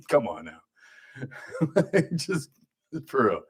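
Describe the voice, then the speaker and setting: A man, hosting a radio show in a studio with joking, grumpy banter and quick asides. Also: mid-range voice, big pitch swings, slightly rough. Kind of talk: casual radio talk.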